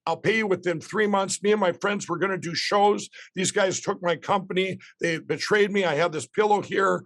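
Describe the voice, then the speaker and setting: A man, telling a rambling, excited story as a podcast guest. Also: high-pitched, moderate pace, dry recording.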